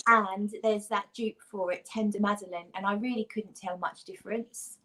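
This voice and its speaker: A woman's voice: mid-range voice, fairly even intonation, normal speed, fairly bright tone. Chatty British woman gushing about scents. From Britain. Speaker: guest on a fragrance livestream. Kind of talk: casual chat.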